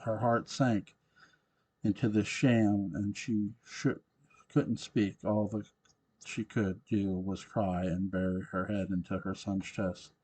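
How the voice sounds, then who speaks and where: Low husky man reading a novel. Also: level tone, slow pace, a little mellow, low-quality recording. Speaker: narrator.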